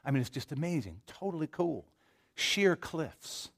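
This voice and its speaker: Preacher guy, chatty sermon, kinda higher voice, keeps restarting his sentences. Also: big pitch swings, a little slow, gravelly. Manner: folksy and conversational, with many restarts and asides. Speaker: pastor. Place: church sanctuary.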